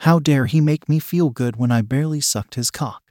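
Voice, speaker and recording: A man reading a first-person story in a steady scripted narration. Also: mid-range voice, normal speed, no room sound, studio quality. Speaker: story reader.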